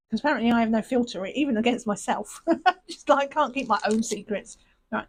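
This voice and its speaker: Sorting through her craft supplies, this crafting-channel host rambles and pokes fun at herself as she chats. She talks fast at a medium pitch, captured on poor-quality audio.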